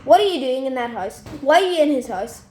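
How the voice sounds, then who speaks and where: A woman voicing a menacing henchman who snarls and bullies loudly in a read-aloud story. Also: high-pitched, animated, a little fast. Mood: snarling. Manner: snarling, bullying, loud. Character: menacing man, a villain's threatening henchman.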